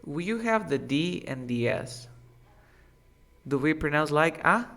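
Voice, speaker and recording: Slow, patient male English teacher. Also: a little high, lively intonation, bright, forceful tone. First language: Spanish. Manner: patient, drilling words with repetition. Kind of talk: one-on-one pronunciation lesson.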